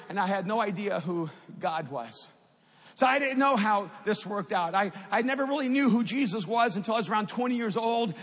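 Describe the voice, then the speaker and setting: Man, middle-aged, very high husky voice, storytelling testimony, reverberant hall. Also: a bit bright. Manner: storytelling, rising to impassioned at climaxes. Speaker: speaker giving a testimony. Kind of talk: personal testimony talk.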